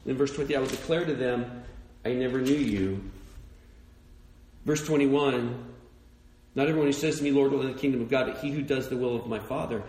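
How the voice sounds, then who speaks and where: A man preaching a sermon, dropping soft and low for hushed passages and climbing to near-shouts at the peaks. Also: fairly quick, pauses often, roomy sound, poor audio. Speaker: pastor.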